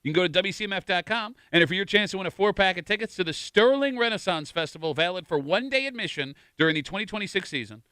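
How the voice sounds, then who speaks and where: A man hosting a radio show, telling stories in a lively, joking way. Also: high voice, quick pace, few pauses, smooth, no echo, studio quality. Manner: animated, jokey storytelling. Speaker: radio host. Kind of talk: morning radio banter. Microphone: studio microphone.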